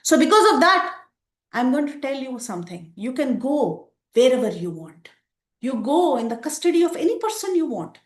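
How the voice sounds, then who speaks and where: A woman voicing a stern young prince who speaks in a measured, distant way. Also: sits high, big pitch swings. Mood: cold. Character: stern young prince rejecting his wife. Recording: roomy echo.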